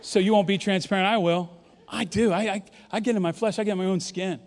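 Brief: man in his fifties from New York, lively joking pastor, higher voice, long church reverb. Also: quick pace, slight background noise. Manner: animated, joking, leads the crowd in call-and-response. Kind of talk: sermon. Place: large church auditorium.

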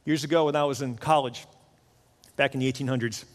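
A man's voice: medium pitch, fairly even intonation, a little fast. A middle-aged man preaching a sermon as pastor, telling a personal story in an earnest way and often repeating words as he goes. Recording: long hall reverb with faint music.

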